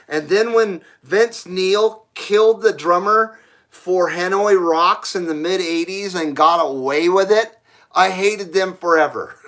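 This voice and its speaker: A man's voice: high voice, bright, forceful tone. A middle-aged man hosting a casual live stream, reading viewers' messages aloud and answering bluntly, with frequent swearing and laughter. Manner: blunt, profane, laughs often.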